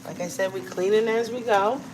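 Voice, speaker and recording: A woman's voice: medium pitch, steady tone, a little fast, music in the background, rough recording. A middle-aged woman hosting a live cooking stream from her home kitchen, chatting casually with viewers as she cooks.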